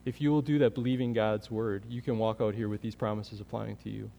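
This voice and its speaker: A man preaching a sermon as pastor, earnest, building in energy and then dropping to a quiet, prayerful tone. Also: fairly low pitch, little pitch movement, brisk, gravelly, lo-fi sound, a little hiss or hum. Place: church sanctuary. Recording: long hall reverb.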